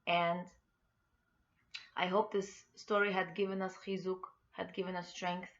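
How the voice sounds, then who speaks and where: An earnest woman tells a story of faith and encouragement in a somewhat low voice with a gravelly edge. She speaks in a heartfelt way, as an inspirational host. The recording sounds dull and lo-fi. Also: little pitch movement, a little slow.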